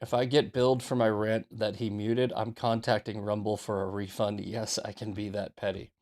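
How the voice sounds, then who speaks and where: A man's voice: fairly low pitch, little pitch movement, moderate pace, a little mellow. An American man hosting a news commentary show, ranting in a heated, profane way and repeating himself. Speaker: host.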